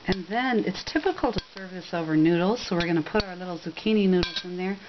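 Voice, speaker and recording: A woman's voice: on the low side, animated, fast talker, highs cut off, background noise. A woman giving a casual, rambling recipe demonstration, chatty, with frequent ums and self-corrections. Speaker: cooking demonstrator.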